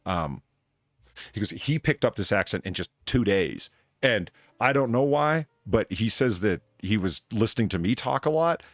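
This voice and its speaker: A man's voice: lowish voice, expressive, normal speed, no echo, studio quality. A man hosting a podcast in casual, rambling chat, swearing freely and gushing about what impresses him. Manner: rambling, profane, enthusiastic. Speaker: podcast host.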